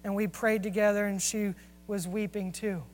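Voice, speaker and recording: A man's voice: high-pitched, flat delivery, moderate pace, a little hiss or hum. A man preaching a sermon and telling personal stories in an earnest, confessional way. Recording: long hall reverb.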